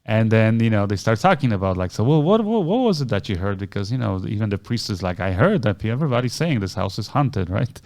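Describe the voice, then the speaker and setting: Man telling a lively story on a podcast. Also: fast talker, hardly any pauses. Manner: animated, acts out quoted voices with big pitch jumps. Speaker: podcast co-host. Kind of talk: casual storytelling chat.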